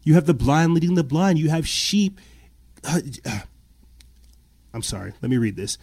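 A man's voice: on the high side, animated, moderate pace, darkish tone, slightly rough. A man giving agitated, repetitive commentary and reading news aloud, his voice rising when indignant. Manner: agitated, repeats himself, voice rises when indignant. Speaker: podcast host.

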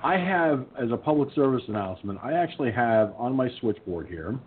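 Over tinny phone-line audio with faint noise, a man with a mid-range voice and big pitch swings talks a little fast. He's hosting an online talk radio show, casually telling stories about doing voices. He's a talkative storyteller who keeps chuckling at himself.

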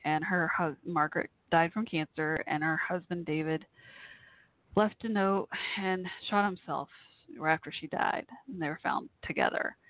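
A woman hosting a call-in talk show, speaking haltingly through tears with many fillers and restarts. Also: lowish voice, steady tone. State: near tears. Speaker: host. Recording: tinny phone-line audio.

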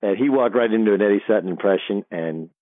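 Middle-aged guy, lowish voice, animated storyteller, tinny dry phone line. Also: fast talker, dry recording. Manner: animated storyteller, frequent restarts. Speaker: guest, sports broadcaster. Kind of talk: storytelling interview.

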